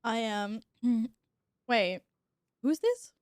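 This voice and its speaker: A woman's voice: fairly high pitch, lively intonation, very slow, clean tone, no echo, clean studio sound. A woman streamer with the hiccups, chatting casually while gaming, giggly, flustered and swearing now and then. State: has the hiccups.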